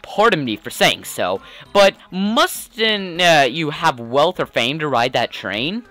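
A man voicing an elderly, gentlemanly male bomb creature who speaks in a formal, old-fashioned way. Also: fairly high pitch, big pitch swings, slow pace, faint music behind, heavily acted. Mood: politely reluctant.

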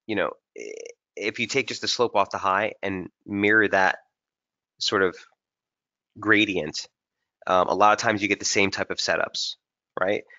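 A man with a bright, forceful tone and a slightly low voice walks viewers through trading charts in a live webinar. He keeps it casual and energetic, talking straight to his audience. The sound is dull and lo-fi, like typical webinar audio. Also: a little slow, long pauses. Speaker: technical strategist hosting a trading webinar. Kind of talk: live market analysis over charts.

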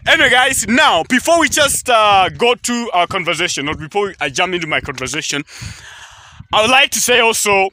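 Talking a little fast in a high, sharp voice with big swings in pitch, this YouTube vlogger from Kenya chats casually to camera outside by a highway. English isn't his first language, and his Kenyan-accented speech rambles with plenty of fillers and restarts.

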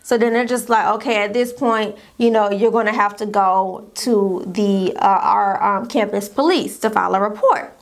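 A young woman telling a casual story-time tale, acting out what other people said in an animated way. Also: medium pitch, moderate pace, few pauses.

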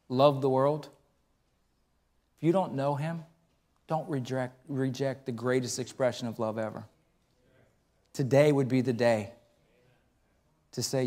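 A middle-aged male pastor preaching a sermon in church, swinging between emphatic rises and hushed storytelling. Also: medium pitch.

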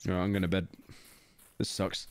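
A man's voice: deep voice, level tone, fairly quick, a little mellow, clear, resonant tone. Sarcastic young British man, swearing streamer. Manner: sarcastic, swears a lot, talks to chat. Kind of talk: casual gaming commentary.

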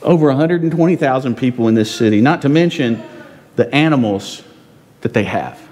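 Preacher playing God, patient but exasperated, rebuking; echoing in a sanctuary. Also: male voice, mid-range voice, animated, a little fast, a little mellow, pitched below the performer's own voice, close to an everyday voice. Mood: chiding. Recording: long reverb in a church.

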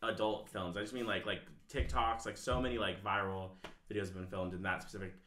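A man's voice: fairly low pitch, steady tone, a little fast, fairly bright tone, reverberant, slight background noise. Chatty young man telling rambling stories. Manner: rambling, filler-heavy storytelling. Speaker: podcast guest. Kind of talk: casual chat.

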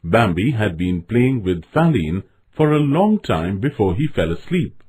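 A man narrating a children's storybook in an expressive, measured way. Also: lowish voice.

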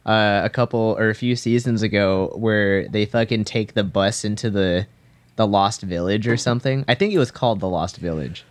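A man with a somewhat low voice in podcast chat, blunt and dismissive with casual swearing. The sound is dry and close. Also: moderate pace, no room sound. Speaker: podcast co-host.

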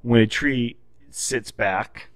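A man's voice: medium pitch, slow, a bit bright. A man in casual podcast chat, telling a profane story and explaining tree felling in technical detail. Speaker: podcast guest.

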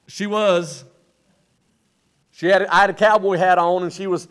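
A high-pitched man delivers a sermon from a church pulpit. His preaching comes in loud, rising bursts. Then he sinks to a low, quiet tone. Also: steady tone, a little slow, pauses often, clear, resonant tone. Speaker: pastor.

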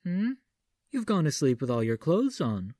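A man voicing a caring mother in an audiobook, speaking gently. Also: on the high side, big pitch swings, normal speed, no echo, studio quality. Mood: gentle. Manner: gentle, soft. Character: caring mother waking her daughter.

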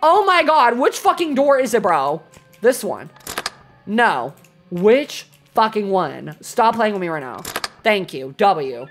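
A young woman streaming a horror game, talking to chat and reacting loudly, with lots of swearing. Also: medium pitch, takes it slowly, faint music behind. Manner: animated, swearing, dramatic scared outbursts. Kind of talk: live gameplay commentary.

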